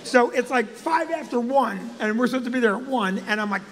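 High-voiced man telling a comic story. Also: a little fast, long reverb tail. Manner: animated, swears, shouts at punchlines. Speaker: comedian and co-host. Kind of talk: live stand-up storytelling.

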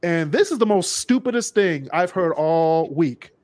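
Lively casual man hosting a podcast. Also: fairly high pitch, a little slow, no room sound. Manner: animated, joking, mimics people. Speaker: podcast host. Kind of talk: casual chat.

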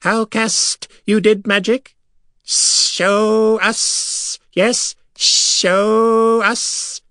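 A man's voice: sits high, little pitch movement, drawn-out words, bright, forceful tone, dry recording, studio quality, voice pushed up, full character voice. A man voicing hissing, curious metallic creatures that speak in scrambled word order and end lines with "yes?". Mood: excited.

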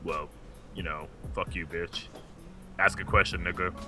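A man doing a deep, gruff, crude girlfriend. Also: a little slow, soft background music, exaggerated voice. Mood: gruff mock-insult. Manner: deadpan, crude, slips into a country twang. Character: crude foul-mouthed girlfriend played by a man. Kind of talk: improvised comedy skit.

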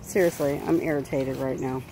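A woman's voice: very deep voice, fairly even intonation, normal speed, noisy background. A woman by an outdoor pool, filming and coaxing her dog with laughter, recorded on a handheld phone. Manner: coaxing, laughing, sing-song. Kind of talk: casual chat with her dog.

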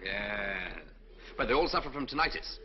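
An actor playing a breezy, wisecracking young medical student, in a 1950s film. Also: male voice, medium pitch, expressive, moderate pace, natural voice. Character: glib young male medical student, joker. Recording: dull old film soundtrack with faint noise.

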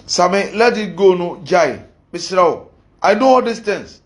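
Ghanaian male pastor, high voice, heated preaching, defiant and combative. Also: animated, unhurried, roomy sound. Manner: mixes Twi and Pidgin English, fiery and defiant.

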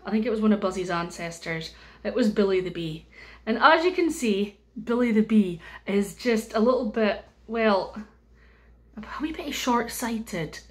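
A Scottish woman telling a story to young children, animated and sing-song, with pauses and chatty asides. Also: mid-range voice. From Scotland.

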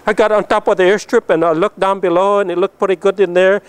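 A middle-aged man delivers a spirited testimony, his somewhat high voice building with excitement and then sinking almost to a hush as each line closes. He speaks as a missionary pilot, in an emphatic, story-driven way. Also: fast, clear, resonant tone. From northern Philippines. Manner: animated storytelling that swells up and then drops soft at the ends of lines. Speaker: missionary pilot and Bible translator. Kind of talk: testimony speech to an audience.

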